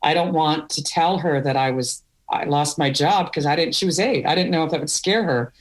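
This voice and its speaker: A woman's voice: sits low, moderate pace. A middle-aged woman from Wisconsin, a podcast guest telling candid stories with laughs. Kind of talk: storytelling interview.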